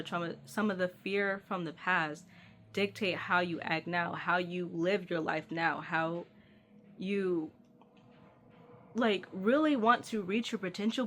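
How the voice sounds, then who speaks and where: Woman, tarot reader, lower pitched, bright tense tone, earnest, affectionate, talks straight to the listener. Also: slight background noise. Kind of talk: channeled tarot reading addressed to the viewer.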